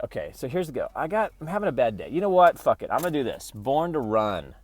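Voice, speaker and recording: A man's voice: mid-range voice, sing-song, quick pace, few pauses, no echo. A man rambling and swearing in a casual vlog, talking to his phone camera from a parked vehicle. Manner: rambling, profane, talks to camera in bursts. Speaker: vlogger.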